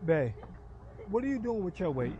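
A man's voice: high-pitched, very animated, moderate pace, mellow, muffled recording, a little hiss or hum. A man chatting and joking with his family in a casual vlog, with a playful, teasing manner. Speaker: vlogger. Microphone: clip-on microphone.

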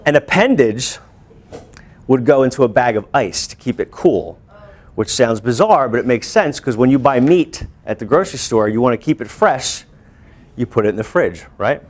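A male teacher telling a class a lively personal story in a school classroom. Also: medium pitch, normal speed. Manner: animated, acts out voices and screams.

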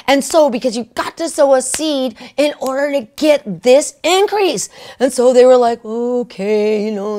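A woman preaching and telling a story in an excitable, animated way, breaking into shouted exclamations. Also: a little high. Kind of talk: storytelling sermon.

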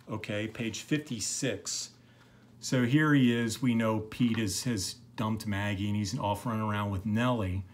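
Brief: middle-aged male lecturer, unhurried, rambling, lots of ums. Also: medium pitch, slight background noise. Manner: relaxed, rambling, many fillers. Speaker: literature teacher. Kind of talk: recorded lecture.

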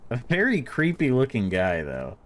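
A man's voice: medium pitch, wildly swooping pitch, normal speed. A man giving let's-play commentary on a horror game, jumpy and reactive, swearing when startled. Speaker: gaming YouTuber.

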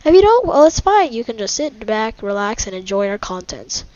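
A woman hosting a casual gameplay video at home, reacting excitably and bickering in exasperation with a friend who keeps teasing her. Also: fairly high pitch, moderate pace, no room sound. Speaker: gaming video host. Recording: dull lo-fi mic.

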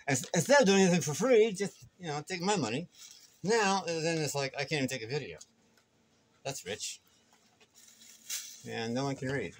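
A vlogger at a shop counter films on his phone, rambling, stammering and tossing out wry remarks in casual commentary. His voice sits mid-range, with a little hiss or hum in the recording.

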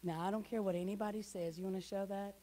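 A middle-aged woman, a guest speaker giving an emotional church testimony that swings from hushed to loud. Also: mid-range voice, steady tone, fast, poor audio. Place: church hall.

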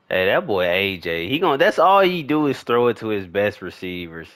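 A young man commentating his own football video game as he plays, slangy and swearing, often shouting with excitement. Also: low voice, moderate pace, few pauses, slight background noise. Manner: trash-talking, swearing, hyped shouts; slangy, repetitive casual speech. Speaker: gaming YouTuber. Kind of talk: live gameplay commentary.

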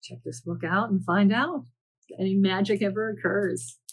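Husky-voiced woman reading picture books aloud. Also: mid-range voice, steady tone, moderate pace, rough recording. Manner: gentle, storytelling, playful asides. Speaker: children's librarian.

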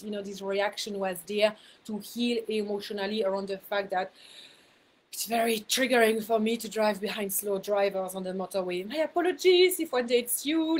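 A woman talks casually to her viewers as a spiritual mentor, in a voice of middling pitch. She is chatty, laughs at herself and repeats words to drive a point home. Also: a little hiss or hum, low-quality recording.

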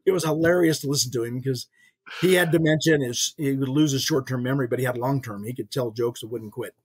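An older man, a podcast guest, speaks fast in a medium-pitched, slightly rough voice. He earnestly tells a personal faith story as a folksy testimony, acting out the voices he quotes.

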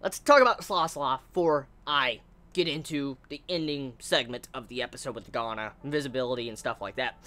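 A woman's voice: very deep voice, fairly quick, fairly bright tone. Exasperated woman ranting with frequent swearing. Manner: exasperated, swears often, stammers and repeats words. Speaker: anime reviewer. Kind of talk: casual video review rant.

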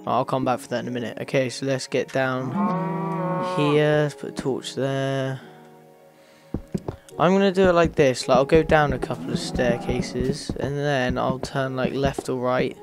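A man's voice: mid-range voice, steady tone, a little slow, over loud music. A man hosting a gaming channel, casually commenting on his gameplay in a rambling way and talking straight to his viewers. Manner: rambling, talks to viewers while playing.

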